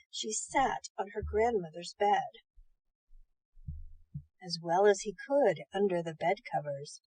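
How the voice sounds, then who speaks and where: A woman reading bedtime stories aloud in a gentle, soothing manner. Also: medium pitch, slightly rough, dry recording, low-quality recording. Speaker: storyteller.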